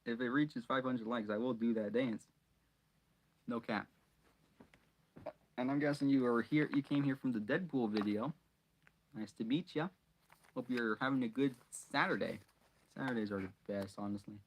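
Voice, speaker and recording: Young guy reading a storybook out loud, laid back, jokes around with viewers between pages. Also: medium pitch, normal speed, long pauses, a little hiss or hum. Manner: chatty, jokey asides to viewers. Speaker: reader and channel host. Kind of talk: casual storybook read-aloud.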